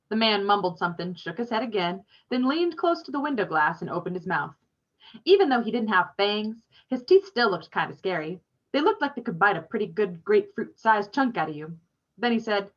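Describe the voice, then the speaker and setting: A woman reads a novel aloud, telling the story with expression. Her voice sits at a middle pitch. The recording is somewhat dull and lo-fi. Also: animated, fairly quick, fairly bright tone. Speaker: reader.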